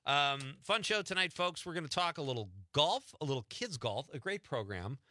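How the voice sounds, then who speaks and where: A man's voice: a little high, moderate pace, no room sound. A man hosting an evening radio show, joking and bantering with his co-host in a studio. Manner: joking, self-mocking, animated.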